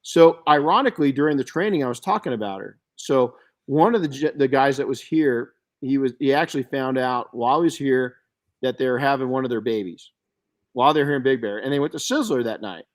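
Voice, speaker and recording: Middle-aged male podcast host, mid-pitched, animated storyteller who trips over his words and restarts. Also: fairly quick. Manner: storytelling, animated, frequent restarts and self-corrections. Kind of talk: casual podcast chat.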